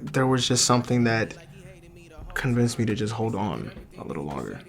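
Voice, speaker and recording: A young man telling his personal faith testimony in an earnest, halting way, often restarting his sentences. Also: on the low side, sing-song, creaky. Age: young adult. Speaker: testimony speaker.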